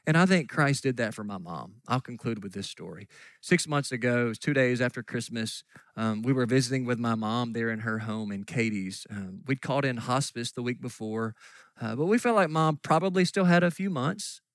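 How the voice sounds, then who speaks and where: A middle-aged pastor tells a story earnestly during a sermon, sometimes dropping to soft near-whispers. His mid-range voice moves at a moderate pace, with no room sound.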